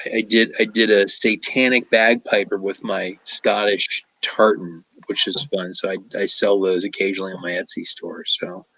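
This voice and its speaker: Guest: relaxed male artist, lowish voice, storyteller, dry close sound. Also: moderate pace, hardly any pauses, dry recording, low-quality recording. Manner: laid-back, storytelling with acted-out quotes. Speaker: guest illustrator. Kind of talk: casual chat.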